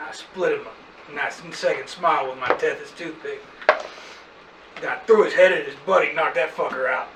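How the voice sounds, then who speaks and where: A man's voice: on the high side, moderate pace, noisy background, lightly acted. A man playing a crude, boastful gunslinger with a drawling, insulting manner at a tabletop game. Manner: drawling, insulting, talks with his mouth full. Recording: echoey room, far from the mic.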